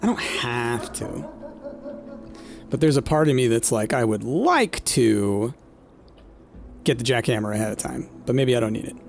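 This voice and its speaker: A man's voice: medium pitch, lively intonation, normal speed, vocal fry, long pauses, a little hiss or hum. A man casually commenting on his gameplay, thinking aloud with lots of fillers and talking to his chat. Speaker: gameplay streamer. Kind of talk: casual let's-play commentary.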